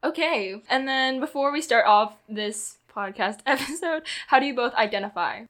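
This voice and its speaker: A woman's voice: a little high, moderate pace, a bit bright. A teenage girl hosting a casual podcast, giggly as she asks her guests questions. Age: teens. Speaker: podcast host.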